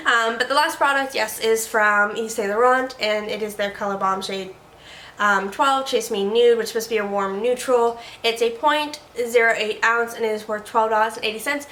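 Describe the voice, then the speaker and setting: A woman's voice: fairly high pitch, normal speed, a bit bright, echoey room, a little hiss or hum. A woman hosting a casual beauty review vlog from her desk at home, chatting along and tripping over words now and then. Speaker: beauty vlogger host. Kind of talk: casual product review chat.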